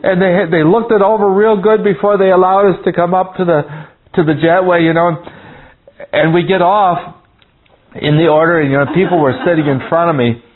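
A man with a high-pitched voice speaks fairly quickly and with fairly even intonation while teaching a Bible class. His talk is a folksy storytelling sermon, a rambling tale full of chuckles and restarts. The recording sounds tinny, like a phone.

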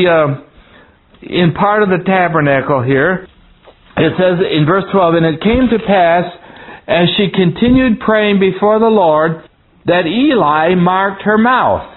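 A man teaching a Bible class, telling a rambling story with frequent chuckles and restarts. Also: high voice. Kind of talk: folksy storytelling sermon. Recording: tinny phone-like sound.

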